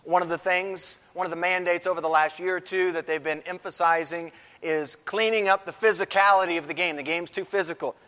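A man's voice: high voice, fairly even intonation, brisk, bright, forceful tone. Guy preaching, leans hard on repeated lines, big echoey church. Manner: emphatic preaching with repeated phrases. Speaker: pastor. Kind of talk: sermon. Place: church sanctuary. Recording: long reverb of a large hall.

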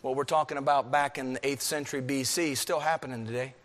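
A man preaching a sermon, swinging between emphatic, raised peaks and low, quiet stretches. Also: steady tone, fast. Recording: long hall reverb.

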